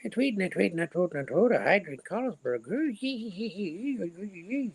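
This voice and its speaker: A man voicing a boozy adult Irishman with a squeaky voice and an Irish accent. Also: lively intonation, normal speed, husky, full character voice. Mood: sing-song.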